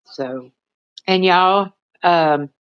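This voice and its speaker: Lady rambling on a phone livestream, slow and smooth, dull lo-fi sound. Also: dry recording. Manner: rambling, chatty, talks to pets in high baby voice. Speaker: livestream host. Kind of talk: casual livestream chat with viewers.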